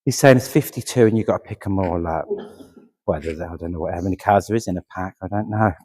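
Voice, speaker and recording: A man's voice: deep voice, fast, a little mellow, husky, dry recording. A man giving a mediumship reading at a service, chatty and laughing easily as he keeps checking he is understood.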